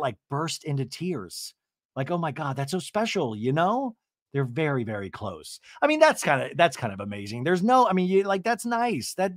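A man hosting a podcast, recapping a reality show in a chatty, animated way and swearing casually. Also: on the high side, dry recording, studio quality. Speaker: podcast host.

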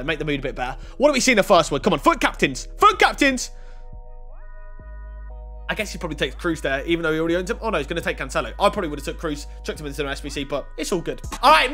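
Young male gaming YouTuber, high and bouncy voice, excitable casual pack-opening commentary. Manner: excitable, swinging between groans and yelps.

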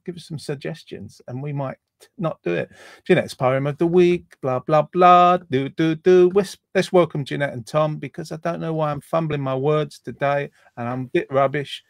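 A man's voice: fairly high pitch, steady tone, normal speed, gravelly, no echo, clean studio sound. A man hosting a casual online chat show over a video call, playful and rambling, teasing his guests. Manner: playful, rambling, self-mocking. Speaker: host.

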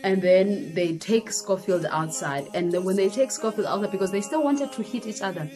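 A young woman vlogger tells a personal story, animated and dramatic, mixing in Xhosa phrases. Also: medium pitch, normal speed, over music. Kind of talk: storytime vlog.

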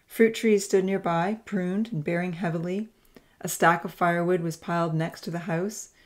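Woman reading a story aloud, lowish voice, steady and expressive. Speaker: narrator. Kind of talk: scripted audiobook narration.

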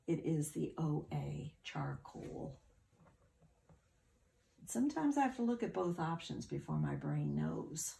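Middle-aged woman teacher, low gravelly voice, slow and patient phonics delivery for kids. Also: animated, dark tone, slight background noise. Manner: patient, encouraging, spells words out letter by letter. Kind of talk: phonics lesson for children.

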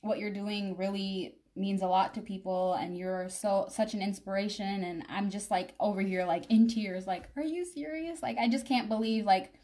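A woman's voice: medium pitch, little pitch movement, normal speed, few pauses, warm tone. A young woman chatting casually on a live makeup stream, rambling and addressing her viewers directly. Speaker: makeup vlogger.

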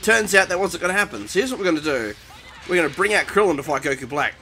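A man commentates his own match in a bright, sharp, very lively voice that jumps high and low. He is excitable, full of alarmed exclamations and self-mocking asides. Game music plays faintly underneath. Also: quick pace. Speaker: gaming commentator. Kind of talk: live gameplay commentary.

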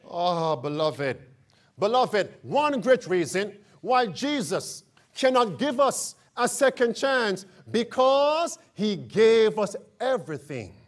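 A man preaching from the pulpit in a high voice, drawing out his words at an unhurried pace. He pauses often to quiz the congregation and then rises to emphatic, shouted declarations. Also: very animated. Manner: preaching with call-and-response questions to the congregation. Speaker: pastor. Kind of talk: sermon.

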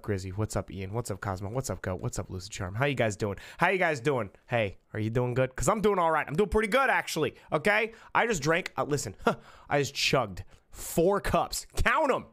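Loud, profane young male streamer. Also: fairly high pitch. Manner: loud, profane, jokey, swings between shouts and mutters. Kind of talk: casual livestream chat.

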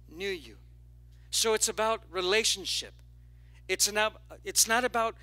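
A male pastor preaching a sermon, animated and lively, drawing call-and-response from the congregation with playful asides. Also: sits high, unhurried, long pauses, dry recording. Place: church sanctuary.

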